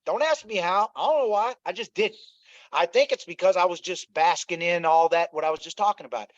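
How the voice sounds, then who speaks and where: Middle-aged man, interview guest, earnest and repetitive storyteller; fairly high voice, muffled dry recording. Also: fairly quick, no room sound. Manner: earnest, repeats himself, addresses listeners as y'all. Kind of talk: emotional personal storytelling. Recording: dull, slightly lo-fi dry sound.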